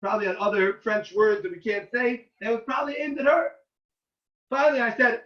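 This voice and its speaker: A man, a rabbi, giving an informal talk to yeshiva students and telling animated stories in which he loudly acts out the quoted lines. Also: extremely high pitch, brisk, background noise. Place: room at a yeshiva. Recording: roomy, distant and dull.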